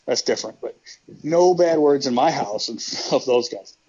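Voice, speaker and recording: A man's voice: mid-range voice, lively intonation, moderate pace, darkish tone, lo-fi sound. A man rambling through profane stories in a casual interview, laughing as he goes. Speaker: guest, retired pro wrestler.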